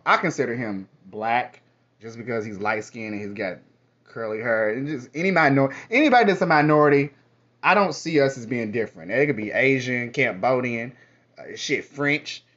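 A man's voice: medium pitch, expressive, normal speed, a bit bright. A man speaking to the camera in a sassy, profane, rambling casual monologue. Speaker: vlogger. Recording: dull lo-fi audio.

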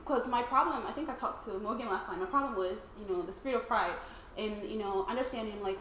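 A woman sharing a personal faith testimony with a small group in a casual, excitable way, often laughing and acting out her own thoughts. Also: mid-range voice, fast. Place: room with other people, casual group. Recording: roomy, faint background noise.

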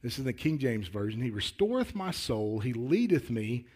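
A man preaching a sermon in a folksy, earnest way, often repeating words as he starts a thought and building to louder, emphatic declarations. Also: mid-range voice, sing-song, moderate pace, breathy edge. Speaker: lay preacher.

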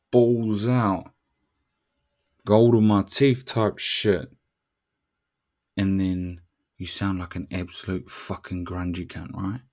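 A man hosting a motivational podcast, brash and profane, full of street slang. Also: lowish voice. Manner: brash, swearing, street slang, calls listener "bruv".

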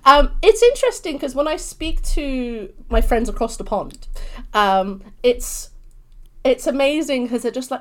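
A bubbly young woman with a London accent, talking as an interview guest. Her voice sits a touch high, and she keeps her talk lively and expressive. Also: normal speed. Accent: British, London. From London, England. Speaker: podcast guest. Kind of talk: casual interview chat.

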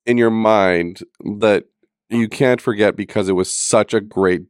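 Lower-voiced teasing middle-aged man. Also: fairly even intonation, measured pace, smooth, dry recording, clean studio sound. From Canada. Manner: teasing, laughs often. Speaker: podcast host. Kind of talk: casual chat.

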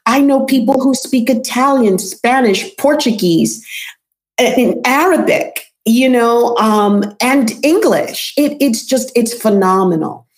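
A woman's voice: fairly high pitch, expressive, takes it slowly. A woman with a New York accent, a voice and accent coach and author, talking passionately as an interview guest and repeating points for emphasis. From New York City. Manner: emphatic, repeats herself for stress.

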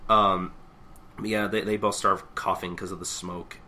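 A man's voice: low-pitched, flat delivery, a little slow, pushed and bright, a little hiss or hum. A man co-hosting a podcast in casual chat, rambling and hesitant with many fillers. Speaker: podcast co-host.

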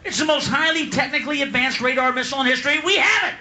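A man's voice: very high-pitched, racing. A man doing a stand-up comedy routine on a club stage, ranting profanely with sudden screaming bursts. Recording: live club recording, echoey, loud crowd. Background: crowd laughter and applause.

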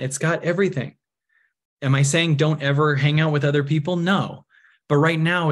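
A middle-aged man giving a guided reflection talk, speaking softly and slowly, with long pauses. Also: on the high side. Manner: soft, slow and intimate, with long pauses. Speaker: spiritual teacher answering a viewer question.

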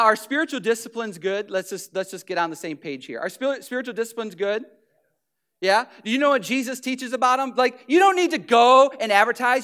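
A man delivers a sermon in a high, bright voice with a clear, ringing tone. He talks conversationally, often leans on "you know," and slips into mock voices to act out the people he describes. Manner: conversational, frequent "you know" fillers, acts out quoted voices. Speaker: preacher.

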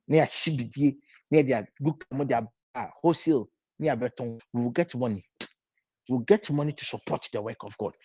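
This preacher has a warm, mid-range voice with a slight roughness, captured dry on a dull, lo-fi recording. Moving back and forth between English and Twi, he drives his sermon lines home through repetition that builds in emphasis.

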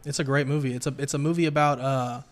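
Excitable swearing podcast host man. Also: mid-range voice, fast. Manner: excitable, swears a lot, lots of fillers. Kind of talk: casual chat.

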